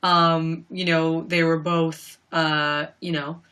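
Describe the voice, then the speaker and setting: Young woman, home livestream chat, lowish pitch, bright and punchy, rambling and laughing. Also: flat delivery, slow pace. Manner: chatty and rambling, many fillers and frequent laughs.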